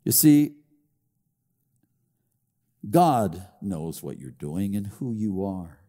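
A man's voice: fairly low pitch, very animated, very slow, warm tone. Older preacher man in a reverberant hall. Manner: preaching with emphatic rises and sing-song stresses, doubling words. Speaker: pastor. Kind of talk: sermon.

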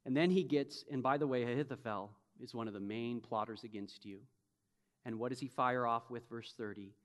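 A man preaching a sermon as pastor, emphatic, swinging from soft reflection to loud, urgent bursts and acting out imagined speakers. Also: medium pitch, moderate pace. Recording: long hall reverb.

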